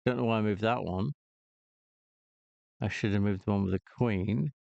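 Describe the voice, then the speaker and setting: A man's voice: on the low side, steady tone, normal speed, vocal fry, no room sound. A man hosting a casual games channel, hesitantly muttering clues and moves aloud to himself, on a dull lo-fi recording. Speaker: gaming channel host. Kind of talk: casual puzzle and game commentary.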